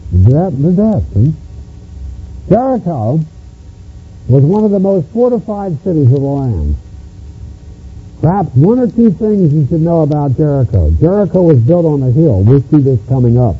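A man's voice: a little high, big pitch swings, normal speed, breathy edge. A man preaching a sermon on scripture, stressing his points by repeating phrases. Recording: muffled lo-fi recording with mains hum.

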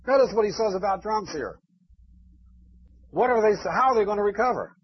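A man's voice: high-pitched, lively intonation, fairly quick, breathy edge. A man preaching a sermon, emphatic and chanting repeated phrases. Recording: dull lo-fi recording.

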